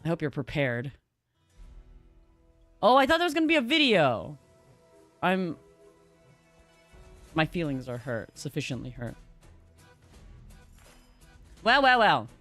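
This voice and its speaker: A woman's voice: sits low, very animated, unhurried, pauses often, a bit bright, no echo, faint music behind. A woman streaming a game who chats casually with her viewers, reads the story aloud, often laughs and stumbles over hard game words. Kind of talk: casual livestream chat and story reading.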